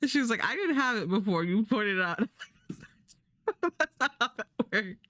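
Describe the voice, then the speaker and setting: Young woman streamer, casual rambling chat, lively swooping pitch, dry close sound. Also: moderate pace, no echo. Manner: rambling, animated, swears casually.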